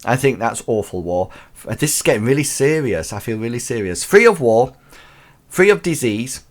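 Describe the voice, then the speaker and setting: A man's voice: mid-range voice, big pitch swings, normal speed. A man hosting a live teaching show, chatting loosely and waffling with lots of restarts and fillers. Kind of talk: rambling live show monologue.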